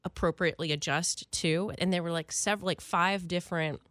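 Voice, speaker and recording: A woman's voice: lowish voice, steady tone, a little fast, a bit bright, dry recording, clean studio sound. A woman from West Philadelphia in a casual chat, talking with lots of fillers. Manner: chatty, lots of "like".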